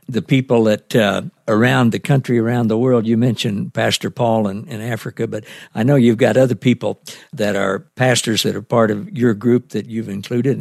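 A man's voice: medium pitch, vocal fry, dry recording, studio quality. A man hosting a podcast interview, wrapping up with short, encouraging prompts. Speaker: podcast host.

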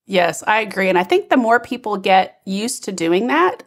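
A woman in casual conversation, candid and quick to poke fun at herself. She tells everyday stories in an animated way, acting out both sides of an exchange. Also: medium pitch. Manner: candid, self-deprecating, animated storyteller. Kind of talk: casual chat.

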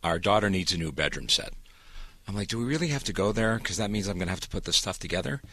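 A man's voice: lively intonation, quick pace, fairly bright tone. Canadian radio man telling an exasperated comic story. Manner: exasperated, comic, acts out quoted dialogue with big pitch jumps. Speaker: radio morning show co-host. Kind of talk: animated storytelling on morning radio.

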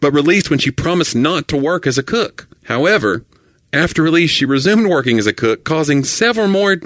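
A male podcast co-host in casual chat, retelling stories with lively asides. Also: a little high, no echo, studio quality. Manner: lively, quick asides, storytelling.

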